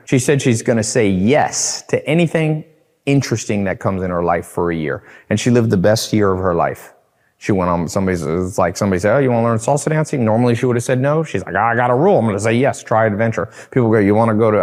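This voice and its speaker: A man with a gravelly, creaky voice delivers an emphatic sales pitch straight to the listener and keeps repeating his points to drive them home. His voice trails off into a long reverb, as if he were in a large, echoing room. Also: a little mellow. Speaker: online course marketer. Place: large house at night.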